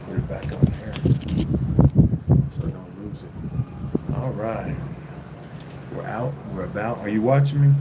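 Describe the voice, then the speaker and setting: A man livestreaming casually from his phone while traveling, rambling and halting with many fillers and restarts. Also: lowish voice. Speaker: vlogger livestreaming. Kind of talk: casual live-stream chat. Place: indoors at a lodging while traveling. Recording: loud background noise.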